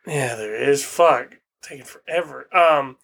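A young man casually chatting as a podcast co-host, joking around, swearing and reacting loudly. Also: medium pitch, unhurried, creaky, slightly rough. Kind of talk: casual chat.

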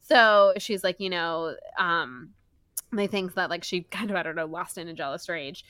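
Young woman, podcast co-host, casual, giggly recap, lots of fillers, crisp bright tone, dry close sound. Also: fairly low pitch, normal speed, dry recording. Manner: chatty, laughing, filler-heavy recap. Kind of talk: casual book-club chat.

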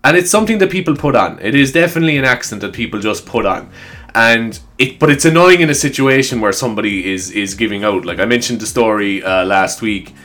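A man with an Irish accent and a lowish, slightly bright voice rambles casually to his viewers, animated and quick. He's a vlogger who swears freely and laughs between points, recorded on a desk microphone with faint upbeat music playing.

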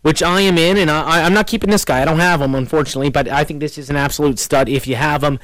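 A man hosting a casual sports podcast, talking in an animated way with quick swings in pitch. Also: dry recording. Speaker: podcast host.

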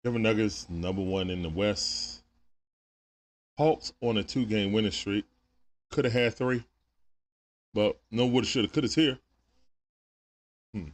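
A man's voice: on the low side, a little slow, pauses often. A man hosting a live sports watch party stream, talking casually with viewers through a sore throat and greeting them one by one with laid-back slang.

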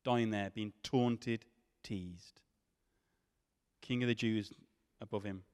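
A man preaching a sermon, swinging from loud questions to hushed tones. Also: on the low side, steady tone, takes it slowly, clean tone. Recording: long hall reverb.

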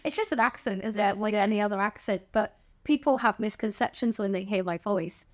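A woman's voice: medium pitch, a little fast, a little mellow. Frank, chatty southern English woman. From England. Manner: frank and chatty, swears casually, laughs often. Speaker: podcast guest, stand-up comedian. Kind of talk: candid conversational interview.

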